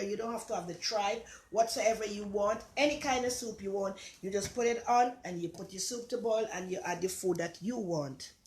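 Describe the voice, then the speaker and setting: An older woman with a Jamaican accent chats her way through a home cooking vlog, rambling and affectionate as she talks. Her voice sits at an everyday middle pitch. The recording has the roomy echo of a bare kitchen. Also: a little mellow. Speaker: cooking show host. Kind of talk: casual cooking vlog chat. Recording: echoey kitchen.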